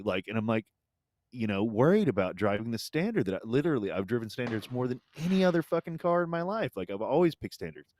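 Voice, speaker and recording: Man, 40s, podcast co-host, casual chat, low-key, hesitant, fillers. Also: very animated, fast, darkish tone.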